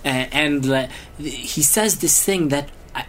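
A man talks casually as a guest on a podcast, his story winding and halting with constant restarts and fillers. When he rants, he grows loud and worked up. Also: a little high. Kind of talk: casual chat.

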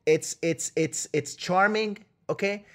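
A man co-hosting a comedic movie-debate podcast, arguing in a loud, mock-indignant way and tagging his lines with "okay?" and "all right?". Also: high-pitched, takes it slowly. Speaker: podcast co-host.

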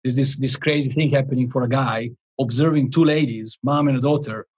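Husky-voiced man telling a story. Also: mid-range voice, a little fast, low-quality recording. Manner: animated, rambling, frequent restarts and chuckles. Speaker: life coach. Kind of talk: storytelling in a podcast interview.

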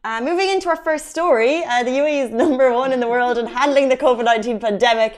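A woman's voice: sits high, quick pace. Chatty woman co-hosting a talk show. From Ireland. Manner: chatty, laughing, self-deprecating. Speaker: show host. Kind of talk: casual chat and news reading.

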